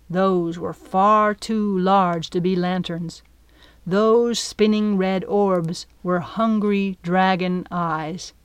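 Slow, measured woman narrating a storybook. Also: mid-range voice, clean tone, no echo. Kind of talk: audiobook narration.

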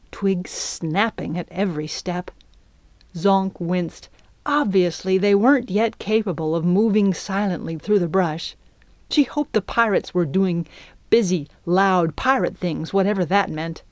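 A woman narrating a children's adventure audiobook in a measured, even storytelling manner. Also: on the low side, dry recording. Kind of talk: scripted narration.

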